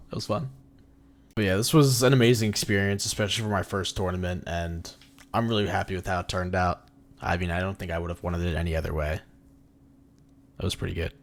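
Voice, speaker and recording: A man's voice: sits low, a little hiss or hum. Laid-back young man narrating his footage. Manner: laid-back slangy, dude-and-bro talk. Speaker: vlogger. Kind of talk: casual voice-over commentary of match footage.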